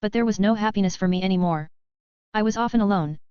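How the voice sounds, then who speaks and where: A woman's voice: medium pitch, fast, dark tone, clear, resonant tone, no echo, muffled recording, close to an everyday voice. A woman reading a guilt-ridden young warrior who speaks with remorse and pleads. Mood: remorseful.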